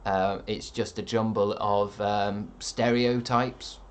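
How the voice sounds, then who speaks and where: A man's voice: fairly low pitch, little pitch movement, slow pace, few pauses, clear, resonant tone. A man streaming live, reading out chat with rambling dry jokes and lots of ums.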